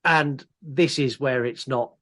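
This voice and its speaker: A man's voice: medium pitch, slow. A man co-hosting a podcast, retelling scenes animatedly in casual chat. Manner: animated retelling, acts out lines from the film. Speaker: podcast co-host.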